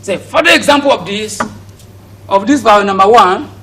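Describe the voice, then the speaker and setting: A man with a Nigerian accent teaches English pronunciation in a high, bright voice. He keeps asking his students questions and repeating each word as a drill. He sounds set back from the mic, with a faint hiss behind him. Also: lively intonation, moderate pace, far from the mic, low-quality recording. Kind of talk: recorded classroom lesson for students at home.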